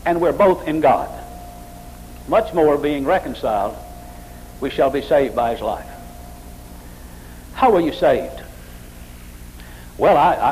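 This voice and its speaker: A man preaching a sermon with emphatic, repetitive phrasing, climbing higher and louder as he mocks emotional worship. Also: a little hiss or hum, poor audio. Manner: emphatic, repetitive, rises high when mocking emotional worship.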